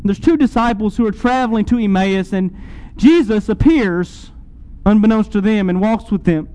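A man preaching a sermon, retelling a scene dramatically to his listeners and swinging between loud and soft. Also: sits high, moderate pace, rough recording.

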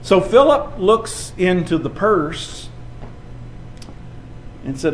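Animated man preaching a sermon. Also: a little high, unhurried, reverberant, a little hiss or hum. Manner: storytelling, animated, acts out quoted voices.

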